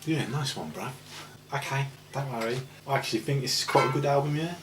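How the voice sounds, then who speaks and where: A man's voice: medium pitch, fairly quick, over music. Hesitant man chatting in echoey room. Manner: rambling and hesitant, many ums. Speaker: co-host reviewing an album. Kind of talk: casual chat. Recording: echoey room with faint noise.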